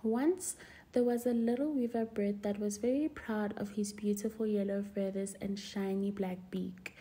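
A woman reading a children's story aloud for a library story hour, clear and gently paced. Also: medium pitch, steady tone, moderate pace.

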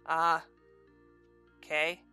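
A woman hosting a let's play, excitable and profane, with loud outbursts. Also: low-pitched, very slow, smooth, faint music behind. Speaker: gaming video host.

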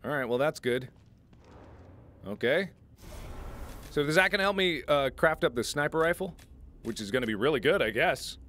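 A man in his twenties playing a game and chatting jokily with his viewers in an excitable way. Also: a little high, moderate pace, long pauses. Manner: excitable, jokey, talks to viewers. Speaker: gaming host. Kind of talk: let's play commentary.

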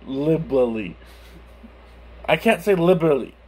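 A man's voice: fairly high pitch, lively intonation, moderate pace, a little mellow, breathy edge. Giggly lisping young man. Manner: giggly, swearing, stumbling over words. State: lisping from a burned tongue. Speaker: YouTuber. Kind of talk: casual vlog chat.

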